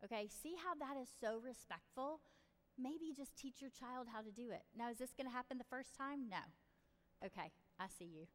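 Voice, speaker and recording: Recorded with a long reverb tail, a middle-aged woman speaks in a high, animated voice at a moderate pace. As host of a parenting podcast, she gives casual advice chattily and directly, often voicing what parents and kids might say.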